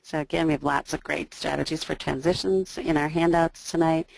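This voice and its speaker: A woman, an early childhood teacher, giving a training talk to educators with a booming voice, listing strategies with frequent ums and you knows. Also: steady tone, a little fast, gravelly, no echo, poor audio. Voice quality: loud, booming voice.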